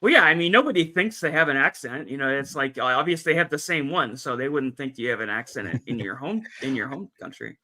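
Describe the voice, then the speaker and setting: Bright-voiced podcast host. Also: male voice, medium pitch, expressive, quick pace, hardly any pauses. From Massachusetts. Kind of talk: casual podcast chat.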